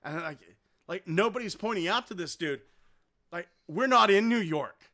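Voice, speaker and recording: A man tells a story on a podcast, talking casually and rambling. He swears freely and stays animated throughout. His voice sits high and sounds bright. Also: normal speed. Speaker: podcast host.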